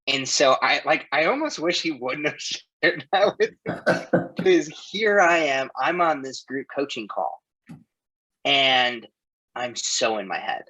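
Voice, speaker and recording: Bright-voiced man telling an emotional story. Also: medium pitch, lively intonation, slow, slightly rough, low-quality recording. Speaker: podcast guest, coach. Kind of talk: casual chat.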